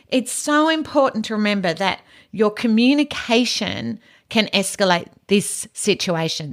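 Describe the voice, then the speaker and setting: A woman with an Australian accent hosting a teaching podcast, giving practical advice in a calm, soft, low-key way. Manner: practical advice, frequent "you know". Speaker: podcast host and educator.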